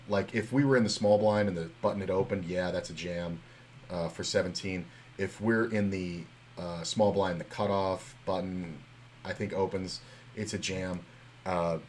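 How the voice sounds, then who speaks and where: A man's voice: low-pitched, slight background noise. A young man streaming live, chatting casually and telling stories in a loose, rambling way full of fillers and swearing.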